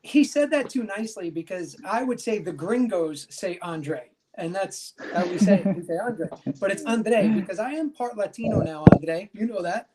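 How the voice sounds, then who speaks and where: A man's voice: sits high, lively intonation, a little fast, hardly any pauses, background noise. A man hosting a talk show in a chatty way, often saying "you know.". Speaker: show host.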